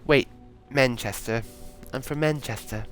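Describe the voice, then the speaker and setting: A man's voice: mid-range voice, unhurried, a bit bright, faint music behind, lightly acted. A man voicing a blunt, sweary, sardonic pregnant young woman in a taxi, read from a story game. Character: feisty pregnant young English woman passenger.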